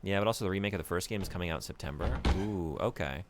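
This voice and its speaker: A man streaming a video game, casually chatting with viewers in an animated, rambling way. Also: sits low, very fast, noisy background. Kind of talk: casual gameplay commentary.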